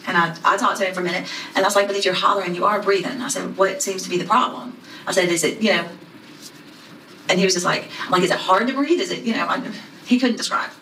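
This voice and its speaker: A woman's voice: on the low side, quick pace, pushed and bright. A woman deputy in a recorded interview, chatty and quoting herself and others. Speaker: sheriff's deputy being interviewed. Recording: echoey room, mic far off, faint noise.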